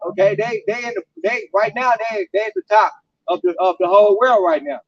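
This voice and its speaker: A man at an informal scripture discussion, speaking haltingly and reading verses aloud. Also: high voice, no room sound, muffled recording. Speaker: camp speaker.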